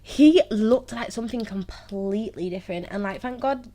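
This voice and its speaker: A woman's voice: a little high, normal speed, mellow, slight background noise. A young woman telling her own story candidly, often laughing through painful memories and saying "like" a lot. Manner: heavy use of "like" and "so, yeah". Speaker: host of her own series.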